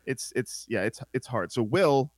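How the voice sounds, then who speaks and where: Upbeat male co-host, animated pitch, meandering delivery, dry close sound. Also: unhurried, no echo. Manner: rambling, many fillers and restarts, upbeat. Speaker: podcast co-host. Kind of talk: casual podcast chat.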